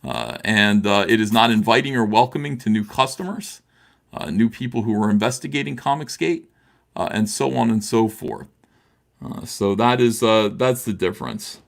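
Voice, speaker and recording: A man's voice: lowish voice, moderate pace, gravelly. A middle-aged man on a video call, speaking with impassioned heat, full of restarts and "uh"s. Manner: impassioned, repetitive, restarts with many "uh"s. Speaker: livestream guest. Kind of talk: heated livestream talk.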